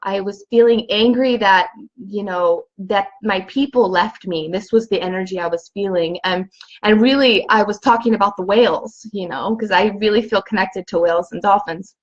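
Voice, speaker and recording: A woman's voice: mid-range voice, normal speed, muffled recording. A young woman telling a personal spiritual story in a dreamy, rambling way, full of "you know" and "like". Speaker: vlogger.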